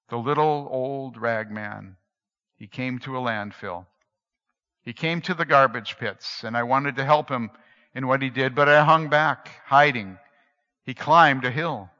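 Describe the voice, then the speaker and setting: A man tells a story aloud in a bright, sharp voice, shifting from near-whispers to emphatic swells. His reading is dramatic and expressive. The recording sounds muffled and lo-fi, with long reverb from a large hall. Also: mid-range voice. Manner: expressive, swinging between hushed and emphatic.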